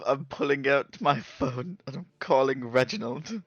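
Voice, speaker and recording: Slow-talking man on a dull mic. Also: medium pitch, lively intonation, dry recording. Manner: hesitant, laughing in and out of character. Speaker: player. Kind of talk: playing a tabletop game.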